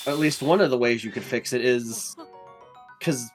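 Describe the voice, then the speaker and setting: A man's voice: mid-range voice, moderate pace, faint music behind. A young man co-hosting a gaming show in casual chat, rambling with enthusiasm and many fillers.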